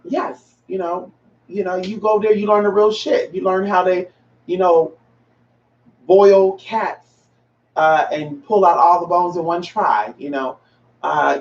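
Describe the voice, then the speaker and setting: A transgender woman hosting a casual livestream, chatting with viewers in a sassy, profane way and calling them honey and girl. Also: on the low side. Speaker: livestream host. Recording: roomy, distant, dull lo-fi sound.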